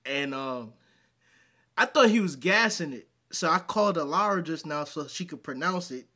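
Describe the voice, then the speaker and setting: Lively, excitable male vlogger. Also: fairly high pitch, normal speed. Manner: excitable, swears, bursts into loud laughter. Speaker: video host. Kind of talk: casual reaction vlog.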